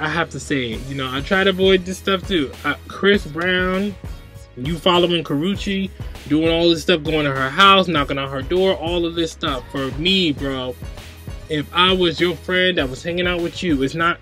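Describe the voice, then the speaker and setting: A man's voice: fairly high pitch, bright, forceful tone. A young man vents on his own vlog in a slightly raised voice. He is agitated and scattered, restarting phrases and circling back to the same points. Faint music plays underneath. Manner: agitated, rambling, repeats himself. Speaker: vlogger host. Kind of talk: casual rant to camera.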